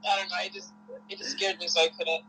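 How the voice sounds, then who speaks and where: Bright-voiced, giggly livestream caller. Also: mid-range voice, little pitch movement, fast talker, faint music behind, low-quality recording. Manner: giggly, hesitant, full of fillers. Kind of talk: casual call-in chat. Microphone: headphones on a call.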